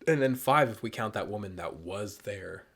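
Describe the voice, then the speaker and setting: Man streamer, tipsy and a bit hoarse, rambling jokey game chat, voice jumping all over. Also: on the low side, lively intonation, moderate pace, a bit bright. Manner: rambling, self-mocking, jokey. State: mildly tipsy. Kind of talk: casual gameplay commentary.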